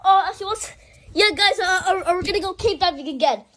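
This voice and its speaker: A young woman talks casually to the camera and to her cat, playful and rambling. She often stumbles and restarts her sentences. Her voice sits high for a woman. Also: fast talker, sharp tone, rough recording. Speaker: vlogger. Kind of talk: casual vlog chatter.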